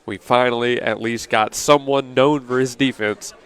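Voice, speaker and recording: Chatty sports talk host, quick delivery. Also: male voice, mid-range voice, fairly even intonation, fairly bright tone, smooth, no echo. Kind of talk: casual sports radio talk. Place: restaurant.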